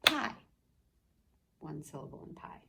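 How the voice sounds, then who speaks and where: A woman teacher giving a remote lesson to young children, speaking slowly and clearly, modeling words and answers for the class. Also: mid-range voice, animated, noisy background. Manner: slow, clearly spoken teacher voice.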